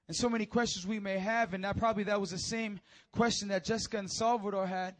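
Young man, preacher, high voice, emotional storytelling, builds to near shouts. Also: steady tone, fast talker, few pauses. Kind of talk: sermon.

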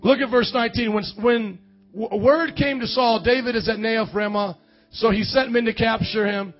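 A man preaching a lively charismatic sermon, with loud excited bursts and quiet musing asides. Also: normal speed. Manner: excitable, loud outbursts, then drops low to muse. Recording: dull lo-fi church recording with faint music.

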